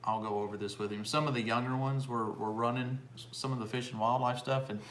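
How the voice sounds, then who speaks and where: Middle-aged dad rambling on a casual live stream, roomy echo, bit of background hum. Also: male voice, medium pitch, fairly even intonation, quick pace, a bit bright. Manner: rambling, many restarts and fillers. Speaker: homestead channel co-host. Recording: echoey room, faint ambience.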